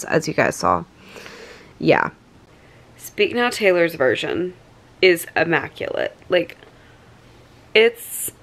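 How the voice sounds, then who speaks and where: A young woman vlogging at night, talking into her phone in a gushing, excited way and saying "like" a lot. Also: fairly low pitch. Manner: gushing, excited, heavy use of "like". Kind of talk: casual chat to camera. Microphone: phone held in hand.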